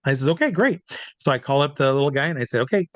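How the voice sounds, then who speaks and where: A man, a drag performer and hypnotist, telling a lively anecdote as an interview guest, acting out the quoted voices and swearing freely. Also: mid-range voice, very fast, no room sound. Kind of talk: casual storytelling in an interview.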